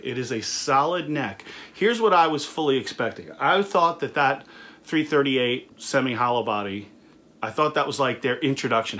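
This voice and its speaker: A middle-aged man, a studio owner, talks through a budget guitar review in an easygoing, conversational way. His pitch sits in the ordinary middle range for a man. He often restarts his sentences and fills pauses with "uh.". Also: lively intonation, a bit bright. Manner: conversational, frequent fillers and restarts. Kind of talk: casual product review talk.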